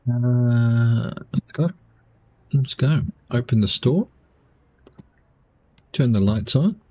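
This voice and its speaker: A man's voice: mid-range voice, slow. A man casually commenting on a game he is playing, muttering to himself and talking while eating. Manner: relaxed, talks with his mouth full while eating. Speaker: gaming streamer.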